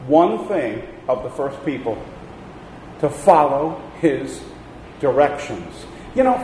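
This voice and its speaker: A man's voice: on the high side, darkish tone, slight background noise. A man preaching a sermon as a pastor, telling folksy stories with emphatic delivery. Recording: echoey hall with long reverb.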